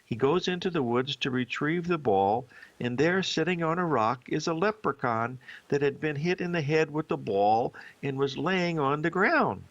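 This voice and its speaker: A man's voice: on the high side, lively intonation, moderate pace, fairly bright tone, highs cut off. A man hosting a live financial show, telling a joke and then talking through charts in a rambling way, with many fillers and restarts. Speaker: host and market analyst. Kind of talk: live market commentary show.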